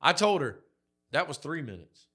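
A man with a fairly high, husky voice and big swings in pitch speaks at a moderate pace. Co-hosting a podcast, he tells profane work stories and loudly acts out the people he quotes in crude, casual chat.

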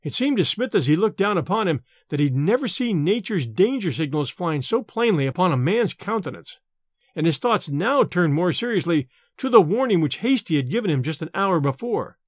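A man reading an audiobook in a measured, expressive way. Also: sits high, dry recording, clean studio sound. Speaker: narrator. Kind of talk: audiobook narration.

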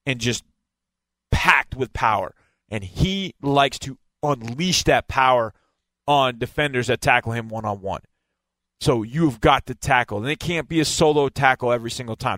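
A man's voice: mid-range voice, fairly bright tone, no room sound. A man giving a casual football breakdown, explaining and stressing key words again and again. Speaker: football analyst.

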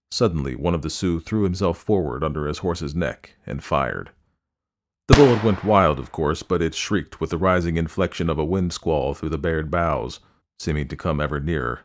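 A man narrating a story aloud, reading in a measured, descriptive way. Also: deep voice.

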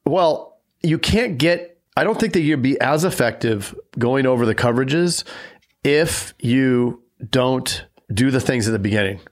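A man co-hosting a casual podcast, talking shop and acting out quick sales pitches. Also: animated. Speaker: podcast co-host. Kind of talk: casual chat.

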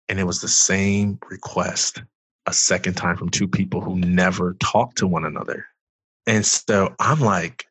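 A young man with a very low, husky voice tells a personal story with earnest conviction. He is from Detroit and speaks as a pastor on a podcast. The sound is close and dry. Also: measured pace, a bit bright, no echo. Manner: earnest storyteller, rises when reliving the moment. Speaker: pastor and guest. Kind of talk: emotional personal testimony.

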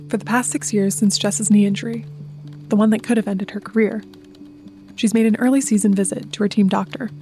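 A woman narrating a scripted sports documentary with an even, measured delivery. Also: medium pitch. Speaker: narrator and interviewer.

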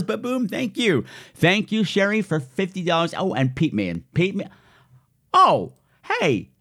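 On his podcast, a man with a high voice gives casual thank-you shout-outs, playful and giddy with over-the-top announcer flair. The recording is studio quality, with no echo.

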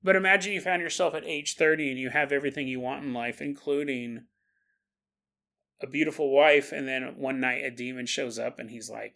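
A man hosting a solo podcast, telling a story in an animated way and laughing as he acts out quotes. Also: mid-range voice, moderate pace, vocal fry. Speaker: podcast host. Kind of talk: casual solo podcast monologue.

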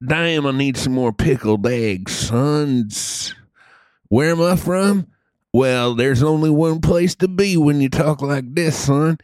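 A man voicing a loud, boastful redneck country-music fan with a Southern accent, crude and drawling. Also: fairly high pitch, takes it slowly, dry recording, clean studio sound. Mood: rowdy.

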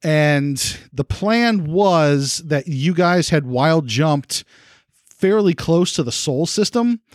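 A man with a fairly high voice acts as game master, recapping the story so far. He talks in a laid-back, stop-and-start way, full of fillers, in a dry, close sound. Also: expressive, slow, darkish tone, no room sound. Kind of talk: recapping a tabletop game for a podcast.

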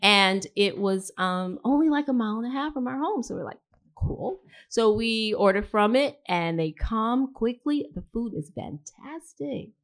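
A woman's voice: on the high side, normal speed, hardly any pauses. Chatty woman author telling a story. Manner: chatty storyteller, animated voices for dialogue. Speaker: author reading guest. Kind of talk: anecdote told to an audience. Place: live reading event indoors.

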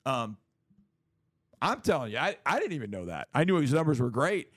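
A middle-aged man co-hosting a sports talk show, making his case in a lively, casual way, often acting out what others would say. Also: medium pitch, moderate pace, no room sound. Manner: animated, acts out quoted voices, repeats words.

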